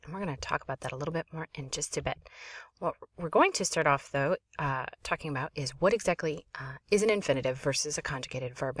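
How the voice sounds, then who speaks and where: A woman French teacher giving a quick, chatty grammar lesson, with frequent fillers while she explains. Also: low-pitched, fairly bright tone, no echo, clean studio sound. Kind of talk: recorded language lesson. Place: small closet at home.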